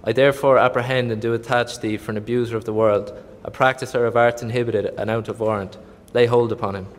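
A man's voice: mid-range voice, steady tone, quick pace, natural voice. A man playing Brabantio, a furious old senator. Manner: loud, bullying, accusing. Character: enraged old Venetian senator, outraged father. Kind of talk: Shakespearean stage acting. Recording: long hall reverb, voice from afar.

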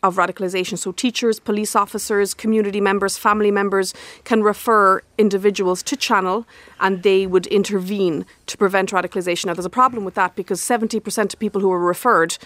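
Female academic guest, measured and explanatory, close dry studio sound. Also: medium pitch, fairly even intonation, a bit bright, dry recording. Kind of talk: expert radio interview.

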